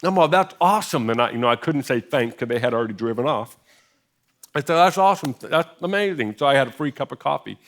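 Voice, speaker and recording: A middle-aged man from the United States preaches from a church platform. He tells a personal story in a relaxed, conversational way and pokes fun at himself. His voice sits at an average pitch. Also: fast. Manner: conversational, self-deprecating humor. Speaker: pastor. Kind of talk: sermon storytelling. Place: church sanctuary.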